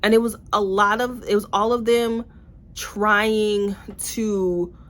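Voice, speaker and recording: A young woman casually reviewing books in a vlog, blunt and animated, with swearing and playful asides. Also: mid-range voice, takes it slowly. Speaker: book reviewer.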